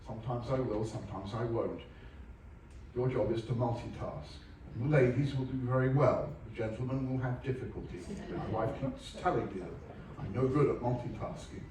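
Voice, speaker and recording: A man's voice: mid-range voice, normal speed, noisy background. A man giving a humorous presentation to an audience, making dry, wry asides. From England. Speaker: onboard lecturer. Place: large ship theatre. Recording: echoey hall from far off.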